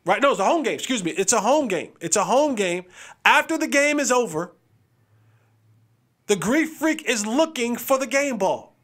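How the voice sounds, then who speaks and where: A man hosts a casual sports talk show, with a voice that sits fairly high for a man. He talks in an animated, chatty way and acts out what players said. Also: moderate pace.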